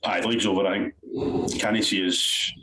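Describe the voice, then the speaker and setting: A man's voice: low-pitched, little pitch movement, normal speed, pushed and bright. A Scottish man co-hosting a podcast, chatting casually about football with rambling, restarting sentences and casual swearing. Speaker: podcast co-host. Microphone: headphones on a remote call. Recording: echoey room, faint noise.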